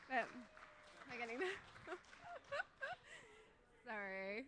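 A woman's voice: high-pitched, sing-song, slow, long pauses, fairly bright tone, a little hiss or hum. A woman in her thirties from Australia with an Australian accent, preaching a casual, chatty sermon in a church, laughing often and poking fun at herself.

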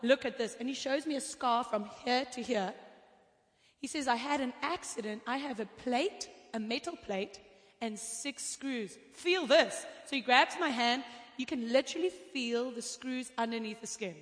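A woman preacher telling testimonies in an animated, storytelling way, acting out the voices of the people in her stories. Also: fairly high pitch, moderate pace. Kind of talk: sermon testimony. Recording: long hall reverb.

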